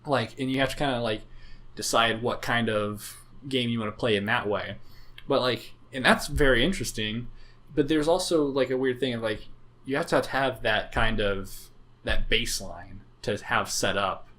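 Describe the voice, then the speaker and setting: A man's voice: medium pitch, moderate pace, a bit bright. A man with a mid-range voice co-hosts a casual gaming podcast. He rambles, swears freely and restarts his sentences often. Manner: rambling, profane, lots of fillers and restarts. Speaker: podcast co-host. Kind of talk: casual chat about tabletop games.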